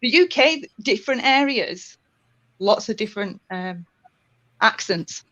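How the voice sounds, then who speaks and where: A woman's voice: mid-range voice, animated, unhurried, fairly bright tone. A woman with a Northern English accent, chatting casually and laughing often. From Northern England. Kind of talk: casual chat. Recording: dull lo-fi audio.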